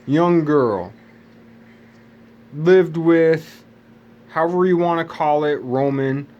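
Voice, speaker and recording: A man's voice: on the high side, slow pace, muffled recording. Rambling man in a casual monologue. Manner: meandering, self-correcting, jumps between tangents.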